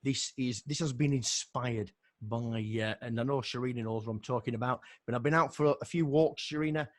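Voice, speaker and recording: A man's voice: medium pitch, fairly quick, no echo. Yorkshire man reading his poems. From northern England. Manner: rhythmic recitation, chatty asides. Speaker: poet. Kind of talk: poetry reading on a video call.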